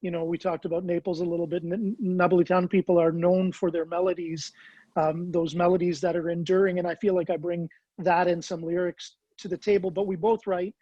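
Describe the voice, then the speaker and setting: A man's voice: sits high, level tone, a little fast, dark tone, no room sound, lo-fi sound. A man with a Canadian accent tinged with American, a songwriter guest talking casually and restarting his sentences often. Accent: Canadian blended with American. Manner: rambling with frequent restarts. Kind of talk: casual interview chat.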